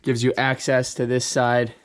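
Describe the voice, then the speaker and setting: A young man on his own car repair channel. He talks through the job as he works, casual and thinking out loud, with an average-pitched voice. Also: monotone, unhurried. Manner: talks while working, thinks aloud. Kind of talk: casual hands-on explanation.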